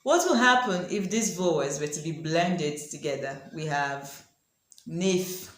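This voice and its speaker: A woman teaching a language lesson, asking the viewer questions and repeating example words slowly. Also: deep voice, expressive, a bit bright, reverberant. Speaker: French teacher. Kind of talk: language lesson explaining pronunciation.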